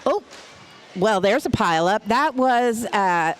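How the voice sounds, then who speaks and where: A woman's voice: a little high, animated, takes it slowly, a little hiss or hum. A woman announcing a roller derby game live, chatty and playful, laughing often between calls. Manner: chatty, giggly, playful banter. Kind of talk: live play-by-play commentary.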